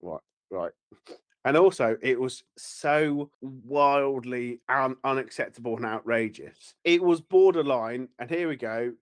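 A man's voice: mid-range voice, expressive, measured pace. A man co-hosting a podcast in casual chat, rambling and teasing, often laughing. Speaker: podcast co-host.

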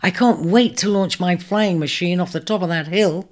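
A woman voicing Aquarius, a cheerful male inventor eager about his flying machine, with a bright, eager delivery. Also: lowish voice, normal speed, lightly acted.

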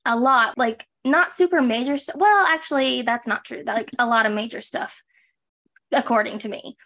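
Young woman cohosting a podcast, kinda high voice, rambly and chatty. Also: normal speed, sharp tone. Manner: chatty, trails off and restarts, lots of "like". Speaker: podcast co-host. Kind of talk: casual chat.

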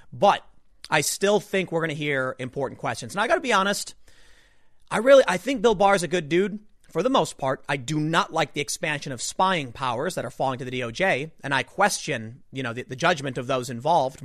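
A man with a fairly high voice hosts his own political commentary. He talks in an animated, emphatic way and peppers his points with rhetorical asides. The recording is dry and close, with no room sound. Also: fairly quick, no room sound.

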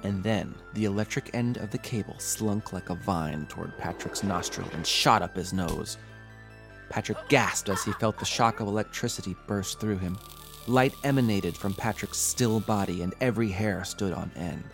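A man hosting a horror podcast, reading a scripted horror story with dramatic, measured delivery. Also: fairly low pitch, gravelly. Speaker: horror podcast host and narrator. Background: faint music.

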